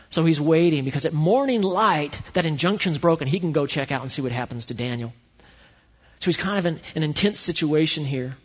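A male pastor preaching a sermon in a church, telling the story with animated swings between loud and quiet delivery. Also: a little high, moderate pace, husky. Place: church sanctuary. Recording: echoey hall, dull lo-fi sound.

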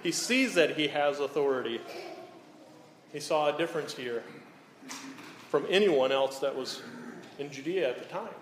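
A pastor preaching a sermon in an earnest way, often checking in with the listeners. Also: male voice, fairly high pitch, lively intonation, moderate pace, long pauses. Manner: earnest, repeats "okay?" to check in. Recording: echoey hall, faint room noise.

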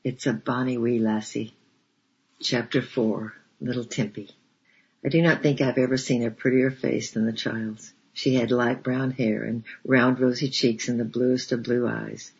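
A man narrating a storybook in a measured, steady reading voice. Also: mid-range voice, gravelly, husky. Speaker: audiobook narrator. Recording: dull lo-fi recording.

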